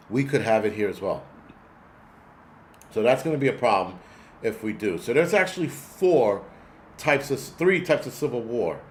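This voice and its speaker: A man's voice: fairly low pitch, a little hiss or hum. A man in his forties hosting a casual livestream, ranting in a rambling, profane way and talking back to his chat. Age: 40s. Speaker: host.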